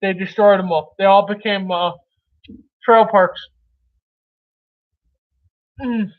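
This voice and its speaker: A man's voice: high-pitched, fairly even intonation, takes it slowly. A man from Milwaukee, Wisconsin, hosting a casual livestream chat, rambling loosely and calling viewers brother. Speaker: livestream host chatting with viewers. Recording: tinny phone-like audio.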